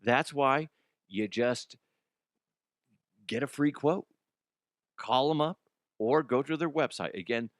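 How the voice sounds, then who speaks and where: Reading a sponsor ad on his casual sports talk show, a radio host jokes, pokes fun at himself, and slips into silly voices. His voice is medium-pitched and a bit bright, captured in a dry recording with clean studio sound.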